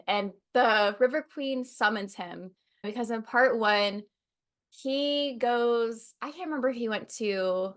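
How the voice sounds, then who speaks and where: A woman's voice: medium pitch, a bit bright. A woman co-hosting a podcast, casually recapping a novel with laid-back, wry asides. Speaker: podcast co-host.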